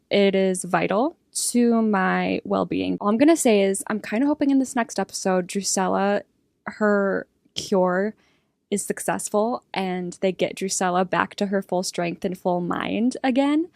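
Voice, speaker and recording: Excitable young woman rambling in a dry room. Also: mid-range voice, creaky, no echo. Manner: excitable, rambling, thinks out loud. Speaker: reaction vlogger. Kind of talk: excited TV reaction commentary.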